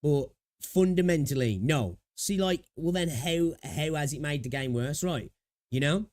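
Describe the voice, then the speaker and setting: A man on the high side of the range reacts to a video on a livestream, speaking expressively and a little slowly. He muses aloud, rambles, laughs easily, and keeps checking in with "right?".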